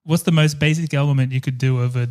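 A man in his thirties co-hosting a podcast in casual chat, playful and quick to laugh while riffing on jokes. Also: medium pitch, fairly even intonation, a little mellow. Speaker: podcast co-host.

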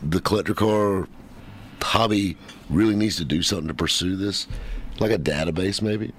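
A man's voice: low voice, moderate pace, a little hiss or hum. A man hosting a casual talk show, rambling and joking with lots of fillers. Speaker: podcast host. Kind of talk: casual chat.

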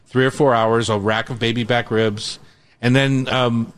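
A man's voice: medium pitch, fairly even intonation. Man giving practical cooking tips. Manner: quick, practical explaining with asides. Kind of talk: casual cooking chat.

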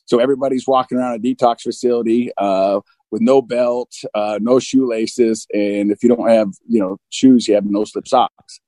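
A man in his forties, speaking as a guest, telling a personal story openly and candidly, acting out both sides of old conversations in quick back-and-forth. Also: medium pitch, steady tone, mellow, dry recording, low-quality recording. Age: 40s. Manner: open and self-deprecating, acts out both sides of dialogue. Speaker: guest recounting recovery.

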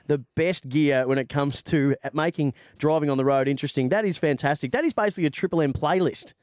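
A man's voice: on the high side, darkish tone, no echo, clean studio sound. A man hosting a radio show, bantering and joking with his co-hosts. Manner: jokey, brisk, laughs often. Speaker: radio host. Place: radio studio.

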